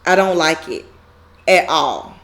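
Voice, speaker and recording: A woman's voice: deep voice, sing-song, slow pace, a bit bright. A woman casually recapping a TV drama episode, animatedly retelling scenes, acting out the characters' lines and laughing often. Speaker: recap YouTuber.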